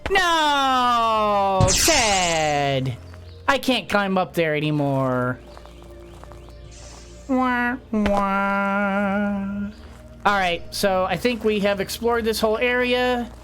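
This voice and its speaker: Chatty excitable woman gaming. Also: medium pitch, normal speed, few pauses, music in the background. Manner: chatty, excitable, frequent gasps and laughs. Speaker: gameplay streamer. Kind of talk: casual game commentary.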